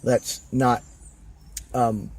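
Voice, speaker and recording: A man's voice: medium pitch, drawn-out words. A man talking casually as a podcast guest, rambling with many fillers and acting out quoted conversations. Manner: rambling, animated, full of fillers and acted-out quotes. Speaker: guest wrestler.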